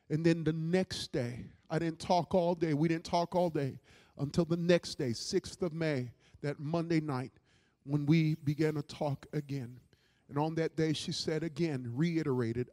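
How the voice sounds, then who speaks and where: A middle-aged man preaching a personal testimony as a pastor, impassioned and repeating words, swinging from loud to hushed. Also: on the high side, in a large hall. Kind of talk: testimony sermon.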